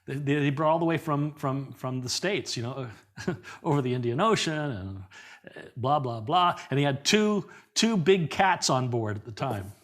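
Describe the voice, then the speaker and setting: As a podcast guest, a middle-aged performer with a mid-pitched voice tells lively anecdotes at normal speed in a conversational interview. He's loose and animated, repeating words and laughing as he goes.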